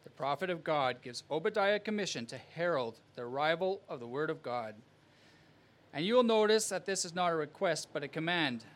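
Delivering a sermon, this male pastor sounds earnest and emphatic, his phrasing measured. His voice sits high and comes across a bit bright.

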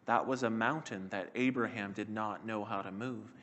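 A man preaching a sermon in a measured, earnest way, slowing and dropping his voice to stress key words. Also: on the low side, steady tone, a bit bright, slight background noise.

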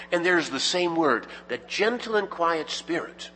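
A man, preaching a sermon as a pastor, measured and emphatic, posing rhetorical questions to the congregation. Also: a little high, animated, bright, forceful tone, breathy edge. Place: church sanctuary. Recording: reverberant church hall.

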